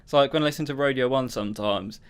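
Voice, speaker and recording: Talking fast with a clean, medium-pitched tone, this young male podcast co-host has a Southern English accent. He rambles casually and chattily through the conversation, occasionally breaking into mock accents.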